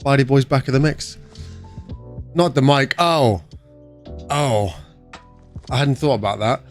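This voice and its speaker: A man's voice: medium pitch, unhurried, faint music behind. A young British man streaming from his bedroom, greeting viewers by name and chatting in an upbeat, casual way. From United Kingdom. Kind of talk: casual livestream chat.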